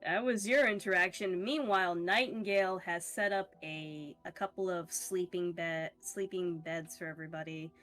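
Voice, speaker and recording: A woman's voice: lowish voice, steady tone, moderate pace, hardly any pauses, a bit bright, faint music behind. A woman running a tabletop game as game master, narrating in a loose, casual way with swearing. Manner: casual, swearing, laughs a lot.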